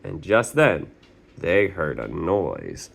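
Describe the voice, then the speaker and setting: A man reading a children's picture book aloud in a slow, unhurried way. His low voice swings widely in pitch as he plays up the sound effects. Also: gravelly, breathy edge. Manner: animated, playful sound effects. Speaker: reader.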